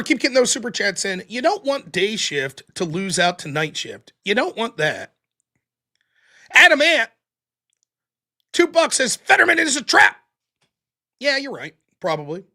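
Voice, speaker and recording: A young man hosting a call-in show, telling stories in a profane, animated way and putting on mocking voices for the people he quotes. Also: high voice, moderate pace, long pauses. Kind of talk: casual call-in chat.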